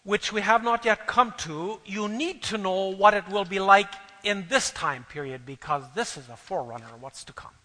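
Preacher, male, high-pitched and bright, earnest sermon delivery, long hall reverb. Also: moderate pace, few pauses. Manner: earnest, swelling louder on key phrases. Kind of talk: sermon with scripture reading.

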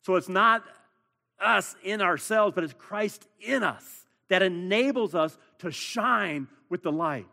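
A man preaching a sermon as pastor, earnest, stressing words by repeating them and building to louder emphasis. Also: high voice, slow, gravelly. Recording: long hall reverb.

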